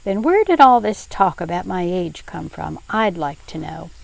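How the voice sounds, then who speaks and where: Grandma doing a loud fussy aunt from a storybook, shrill and bossy, gravelly. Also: female voice, big pitch swings, normal speed, dry recording, full character voice. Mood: indignant. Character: fussy excitable middle-aged aunt.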